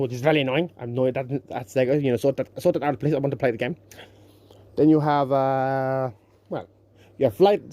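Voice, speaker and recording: Fast-talking young man, rambling. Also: mid-range voice, mellow. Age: young adult. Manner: rambling, self-correcting, sarcastic. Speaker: YouTuber. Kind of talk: casual gaming commentary.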